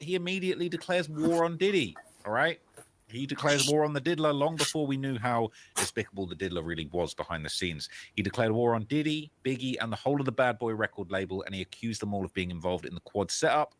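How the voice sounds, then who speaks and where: A man with a British accent tells a story in an engaging voice, pitched at a middle level. He keeps qualifying his claims with words like "apparently" and "allegedly". A steady hiss of noise sits under the recording. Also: fast. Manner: hedging, with frequent "apparently" and "allegedly". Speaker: documentary narrator. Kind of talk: storytelling narration of a video essay.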